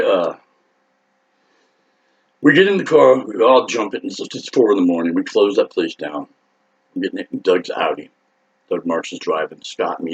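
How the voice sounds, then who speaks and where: A man's voice: lowish voice, gravelly, slightly rough. A man in his fifties, a rock singer, telling a rambling, profane anecdote with laughs and acted-out voices. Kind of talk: casual storytelling. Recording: dull lo-fi sound.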